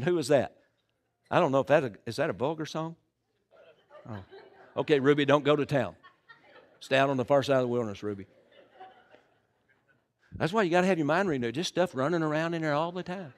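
An older man with a Southern US accent, a pastor preaching a live sermon in a church, folksy and joking, breaking into shouts. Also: a little high, lively intonation, fairly quick.

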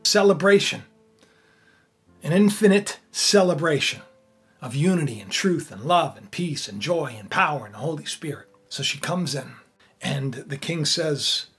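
Brief: husky-voiced man, informal storytelling sermon, chatty with many fillers. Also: a little high, lively intonation, measured pace, soft background music. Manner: conversational, rambling, with frequent fillers. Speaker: preacher. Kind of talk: casual biblical storytelling sermon.

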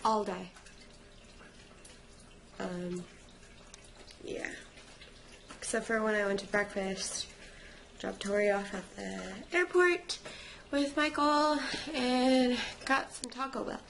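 A woman's voice: medium pitch, steady tone, slow, creaky, pauses often, fairly bright tone, a little hiss or hum. A young woman vlogging from her couch at home, sleepy and tired, rambling in a chatty way. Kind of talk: casual vlog chat.

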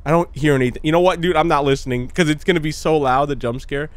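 A man's voice: fairly high pitch, fast, no room sound. A young man giving casual, chatty commentary while playing a horror game, often calling out "dude" and shrieking when startled. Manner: jumpy, chatty, calls viewers "dude". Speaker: gaming YouTuber.

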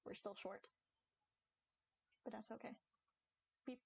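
Young female game streamer, fairly high voice, giggly and rambling, close dry mic. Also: fairly even intonation, slow pace, vocal fry, a little mellow, husky, no echo, low-quality recording. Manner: chatty and giggly, rambling into stories. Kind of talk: casual chat while streaming a game.

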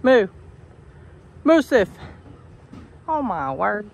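A man's voice: very animated, very slow, gravelly. Man coaxing his farm animals. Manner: coaxing, playful, scolds animals, jumps into high pitch. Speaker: homesteader vlogger. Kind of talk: casual talk to farm animals. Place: outdoors on a homestead among goats and animals.

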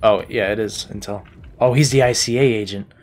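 A man's voice: lowish voice, a little fast, darkish tone. Joking, foul-mouthed male gamer. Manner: joking, profane, talks to himself. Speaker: gaming YouTuber. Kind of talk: gameplay commentary.

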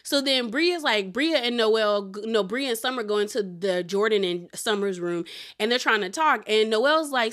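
A woman's voice: a little high, moderate pace. Chatty young woman recapping reality TV. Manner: chatty and animated, lots of "like" and "girl". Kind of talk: casual recap chat.

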